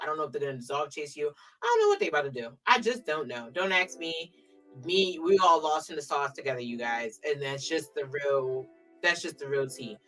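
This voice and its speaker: A woman's voice: low-pitched, a bit bright, recorded from a distance. A woman co-hosting a podcast, chatting casually and emphatically about last week's matches, full of slangy asides. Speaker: podcast co-host. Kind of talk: casual wrestling recap chat.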